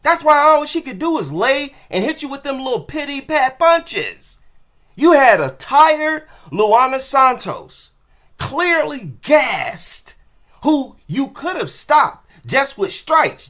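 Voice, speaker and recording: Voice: medium pitch, very animated, slow, bright, forceful tone. A combat sports commentator ranting after a fight, blunt and scolding, firing one rhetorical question after another in casual slangy talk. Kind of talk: post-fight rant to camera.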